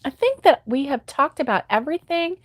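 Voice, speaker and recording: A woman's voice: high voice, big pitch swings, a little fast, no room sound. A middle-aged woman hosting a crochet livestream, chatting casually and sympathetically with viewers and laughing often. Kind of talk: casual live chat reading viewer comments.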